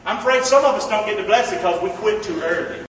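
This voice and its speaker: A man's voice: sits high, fast talker, noisy background. A man preaching a sermon as pastor, calling on the congregation to repeat phrases back to him. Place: church hall. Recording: echoey hall from far off, dull sound.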